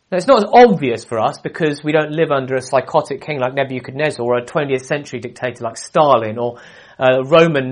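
Male preacher, lively sermon storyteller, voice a touch higher than usual, voices the quotes himself. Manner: animated storytelling, acts out quoted lines.

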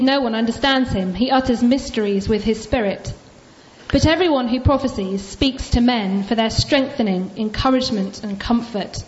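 A woman reading a long Bible passage aloud to a church, in a steady and measured way. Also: on the high side. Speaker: scripture reader. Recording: dull lo-fi church recording.

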